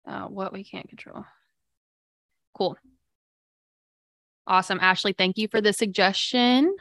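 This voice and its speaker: A woman's voice: mid-range voice, steady tone, a little slow, creaky, pauses often, a bit bright, dry recording, studio quality. A woman hosting a live morning podcast, chatting casually and upbeat with viewers, with many fillers. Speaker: livestream podcast host.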